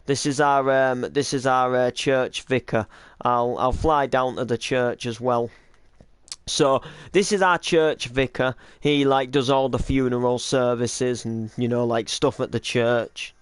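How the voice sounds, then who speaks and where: A man's voice: medium pitch, fairly even intonation, unhurried, clear, resonant tone, no echo, clean studio sound. A man who runs a game roleplay series, chatting casually and rambling with many hesitations and restarts. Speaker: roleplay series creator and cameraman. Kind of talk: casual chat.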